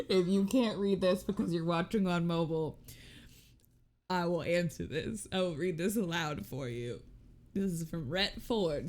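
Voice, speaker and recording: A woman's voice: on the low side, a little mellow. A woman in her thirties chatting casually to her stream while she plays a roleplay game, self-mocking, laughing often and swearing freely. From Texas. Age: 30s. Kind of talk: casual chat.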